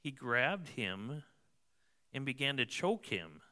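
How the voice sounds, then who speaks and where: A man's voice: mid-range voice, very animated, takes it slowly, sharp tone. A man preaching a sermon as pastor, reading scripture and explaining it in a conversational way, often checking in with the congregation. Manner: conversational preaching, tags lines with "right?". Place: church.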